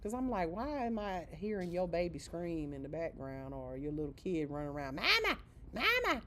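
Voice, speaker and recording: A woman's voice: low-pitched, a little fast, mellow, a little hiss or hum. A woman teaching a live beginner manicuring class, chatty and casual, checking in with "okay?" after nearly every point while she demonstrates with her hands. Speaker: nail school instructor.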